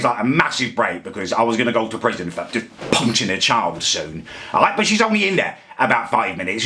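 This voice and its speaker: A man's voice: medium pitch, pushed and bright. A man vlogging casually to camera, ranting in exasperation and tagging his sentences with "right?". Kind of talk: casual vlog monologue.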